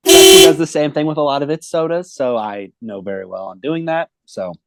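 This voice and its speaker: Relaxed rambling man on a podcast. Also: fairly high pitch, fairly quick, no echo. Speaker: podcast co-host. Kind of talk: casual podcast chat.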